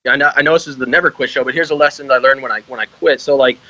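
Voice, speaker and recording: A man's voice: mid-range voice, fairly even intonation, racing, pushed and bright, no echo, highs cut off. Laughing, swearing young man guest. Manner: laughing, heavy swearing, loose rambling. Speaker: podcast guest, army veteran. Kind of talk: casual podcast chat.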